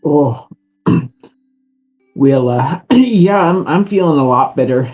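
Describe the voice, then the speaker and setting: A big, good-natured adventurer, played by a man who rambles and hesitates. The voice sits at a middle pitch. The recording is dull and lo-fi, with faint music underneath. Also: expressive, slow. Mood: sheepish.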